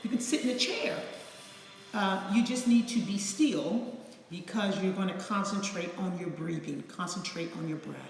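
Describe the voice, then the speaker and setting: A woman's voice: fairly low pitch, moderate pace, vocal fry. A woman counselor teaching meditation in a casual live video, talking candidly and bluntly with mild swearing. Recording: echoey room with long reverb and faint music.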